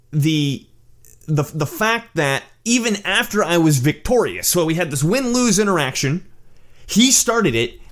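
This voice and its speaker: Blunt, animated man telling a story. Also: on the high side. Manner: animated, blunt, swears, frequent restarts. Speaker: channel host. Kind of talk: casual storytelling monologue.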